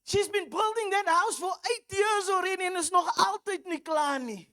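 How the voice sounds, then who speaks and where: A woman's voice: extremely high pitch, moderate pace, sharp tone, pitched above the performer's own voice. Woman putting on a giddy South African auntie. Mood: indignant. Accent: South African, Afrikaans-tinged English. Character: excitable older auntie, chatty and nosy.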